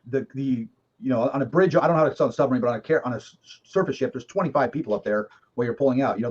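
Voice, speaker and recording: A man's voice: mid-range voice, darkish tone. A middle-aged man, a guest in a casual conversation, telling his story candidly and emphatically, with some swearing. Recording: dull lo-fi recording.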